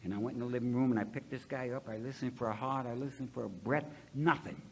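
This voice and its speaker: This is a plain-spoken man from Ohio, middle-aged, sharing his story from the podium at a recovery gathering. He tells it in a folksy, blunt way and acts out every exchange. A faint hiss sits under his mid-pitched voice. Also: fast. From Ohio, USA. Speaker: speaker at a recovery convention. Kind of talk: personal recovery story told to an audience.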